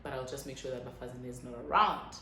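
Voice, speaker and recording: Woman, South African accent, 20s, low pitch, animated storytime, echoey room. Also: slight background noise. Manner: animated, swearing, quoting others in quick bursts. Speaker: YouTuber. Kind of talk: casual storytime.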